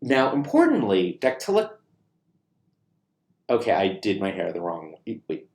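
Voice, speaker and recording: Male professor, casual video lecture, lively sing-song delivery, roomy echo. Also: fairly low pitch, a little slow, long pauses. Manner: casual and lively, frequent "right?" check-ins, mild swearing. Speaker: university classics lecturer. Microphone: camera mic. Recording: echoey room.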